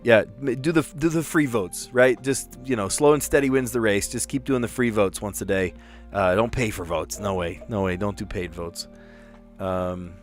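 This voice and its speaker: A middle-aged male teacher with a lowish voice chats casually while working through word puzzles aloud. He mutters letters to himself and laughs at his own efforts.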